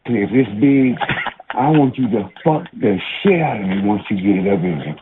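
A man's voice: lowish voice, expressive, normal speed. A man making a prank call on a phone chat line, coaxing and pleading, repeating the same lines again and again. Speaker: prank caller. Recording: tinny phone line with loud crowd noise.

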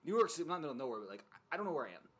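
A young man spinning a long, animated story in a relaxed podcast chat. He swears freely and fills his talk with "like" and restarts. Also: on the high side, very fast, breathy edge. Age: young adult. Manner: animated, profane storytelling with lots of fillers. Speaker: podcast co-host.

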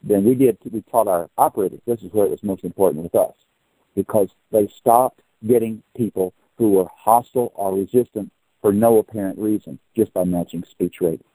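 A man's voice: fairly low pitch, fairly quick, dark tone, slightly rough, no echo, low-quality recording. An older man hosting an interview, explaining his points at length in a folksy, talkative way. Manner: long-winded, explanatory, folksy. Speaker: podcast host. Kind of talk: conversational interview.

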